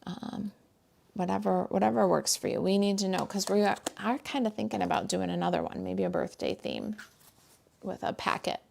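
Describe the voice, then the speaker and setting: A woman's voice: medium pitch, moderate pace, gravelly, a little mellow, a little hiss or hum. A woman demonstrating card stamping live from her home craft desk, chatting casually with viewers as she works. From United States. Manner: chatty, friendly, talks to viewers and her dog while working.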